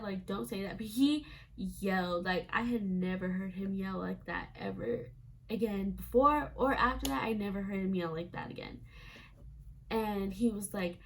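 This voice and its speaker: A woman's voice: medium pitch, vocal fry. A young woman vlogger telling a casual storytime, chatty and full of "like" fillers, acting out quoted lines.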